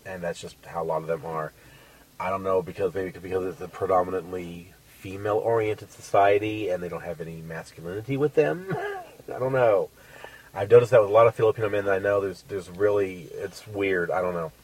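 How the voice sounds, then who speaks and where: A man on a podcast casually telling a crude dating story, animated and swearing. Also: sits low, brisk, husky, distant mic, poor audio. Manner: crude, animated, acts out quotes.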